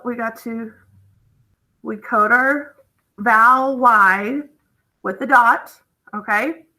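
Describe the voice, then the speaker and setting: A woman's voice: on the high side, bright, forceful tone, poor audio. A woman teaching a phonics lesson online to children, patiently sounding out letters and checking in with "okay?". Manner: sounds out letters and words slowly and clearly.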